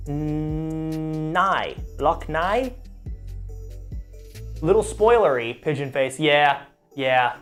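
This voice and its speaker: A man's voice: a little high, extremely slow, long pauses, fairly bright tone, soft background music. A man hosting a live trivia game stream, chatty and self-mocking, stumbling over place names as he reads the questions.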